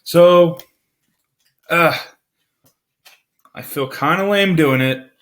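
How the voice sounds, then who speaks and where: A man's voice: a little high, extremely slow, a bit bright. Hesitant man thinking aloud. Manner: thinks aloud, hesitant, counts under breath. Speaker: tabletop game channel host. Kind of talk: casual chat.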